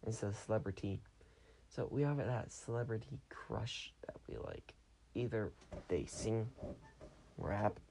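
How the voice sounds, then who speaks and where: A man's voice: lowish voice, vocal fry, warm tone, slight background noise. A tired young man hosting a podcast, talking in a chatty, rambling way and often correcting himself. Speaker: podcast host. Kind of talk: rambling casual monologue.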